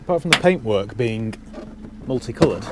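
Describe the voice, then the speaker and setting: A man's voice: mid-range voice, lively intonation, moderate pace, noisy background. A man giving a casual, dry-humoured walkaround of a used car he has bought, talking from inside the parked car on a cold day. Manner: dry, wry asides.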